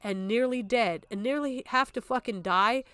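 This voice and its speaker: A woman's voice: on the high side, moderate pace, a bit bright, smooth, no echo. A young adult woman streaming, talking in an upset, tearful way and swearing often, close to crying. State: on the verge of tears. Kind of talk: emotional livestream talk.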